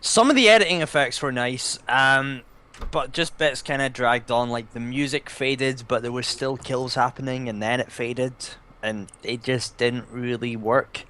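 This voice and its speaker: Man, mid pitch, casual montage judge, halting, lots of ums. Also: steady tone, bright, forceful tone. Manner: hesitant, many fillers and restarts. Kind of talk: casual judging chat.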